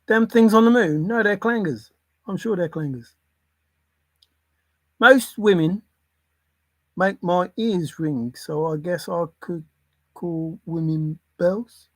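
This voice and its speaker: A man's voice: sits high, slow, long pauses, fairly bright tone, dry recording. A man, musing aloud on his own in a playful, rambling way, jumping between silly word associations.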